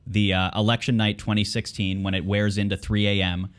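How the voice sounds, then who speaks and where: A man's voice: lowish voice, level tone, brisk, smooth. A man appearing as a guest on a political talk show, sardonic and exasperated in his commentary. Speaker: video editor guest. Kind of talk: casual political chat.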